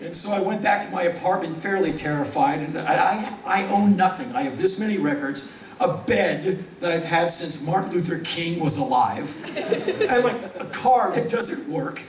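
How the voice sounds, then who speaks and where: An American man in his fifties telling stories on stage in a wry, animated way, acting out the voices of people he quotes. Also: sits high, moderate pace, a little hiss or hum. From United States. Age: 50s. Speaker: spoken word performer. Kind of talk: live stage storytelling. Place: large concert hall. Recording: echoey hall from far off.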